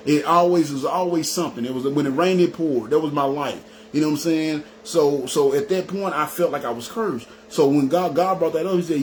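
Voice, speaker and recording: A man's voice: on the high side, fairly quick, few pauses, a little hiss or hum, poor audio. A man telling his personal testimony in an emphatic storytelling way, often repeating "you know what I'm saying.". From Memphis. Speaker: guest giving a testimony.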